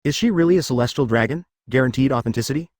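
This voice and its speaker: A woman's voice: very deep voice, very fast, darkish tone, no echo. A synthetic male narrator voicing a young empress who asks questions hesitantly, recorded dry and close. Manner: hesitant, curious.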